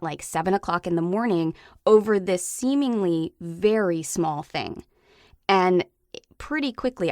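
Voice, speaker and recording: A woman in her thirties with a lowish voice talks through parenting advice on a podcast. She is reassuring and now and then slips into the soft tone she uses with her own kids. The sound is close and dry, with no room around it. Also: no echo. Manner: warm, reassuring, acts out gentle lines to a child. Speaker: parenting expert guest.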